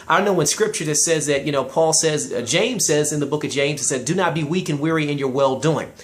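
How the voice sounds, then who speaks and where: A man's voice: fairly high pitch, a little fast. A man giving an inspirational, sermon-style talk, emphatic and preacherly, addressing listeners directly and quoting scripture. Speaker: motivational speaker.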